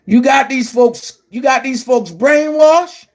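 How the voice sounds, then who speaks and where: A man delivering a heated, profane rant to his viewers, shouting at times. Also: extremely high pitch, slow pace. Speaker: commentary vlogger. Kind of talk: angry rant to camera.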